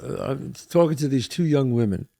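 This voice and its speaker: A man's voice: medium pitch, a little fast, gravelly. A man hosting a talk show, chatting casually and telling stories by acting out what people said. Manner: animated storyteller who acts out quoted lines. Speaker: host. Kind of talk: casual chat.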